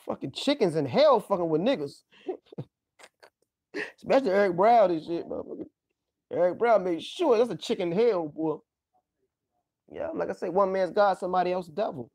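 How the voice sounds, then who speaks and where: Dude rambling on his livestream, cussing constantly, loud outbursts, dry close mic. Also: high voice, lively intonation, normal speed, pauses often, no echo. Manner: profane, loose, exclaiming and laughing. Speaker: livestream host. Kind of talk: rambling casual monologue.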